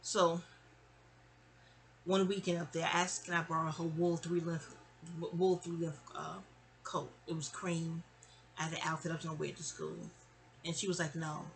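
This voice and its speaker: A woman's voice: low-pitched, normal speed, long pauses. Chatty New woman telling stories. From New York City. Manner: chatty, animated, digressive. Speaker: storyteller. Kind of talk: casual storytime venting.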